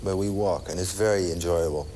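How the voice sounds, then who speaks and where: Low-voiced man, halting and amiable. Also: dark tone, slight background noise. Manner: halting, amiable, hesitant restarts. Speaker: talk show guest. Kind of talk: casual interview chat.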